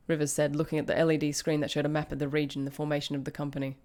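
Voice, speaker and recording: Brief: a low-pitched woman host reading fiction aloud with offhand asides. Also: little pitch movement, very fast, darkish tone. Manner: reads with casual asides.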